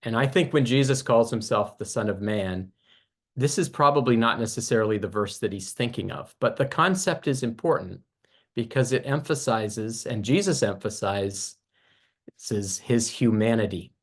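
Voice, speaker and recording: A man delivering a recorded Bible lesson at a middle pitch. He explains patiently and methodically, circling back to restart phrases as he builds each point. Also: animated. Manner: explanatory, measured, with frequent restarts. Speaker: Bible teacher.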